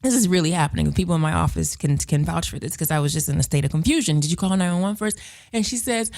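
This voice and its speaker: A woman hosting a radio talk show, telling stories in an animated way and acting out the voices of the people in them. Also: fairly low pitch, quick pace. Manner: animated storyteller, acts out voices.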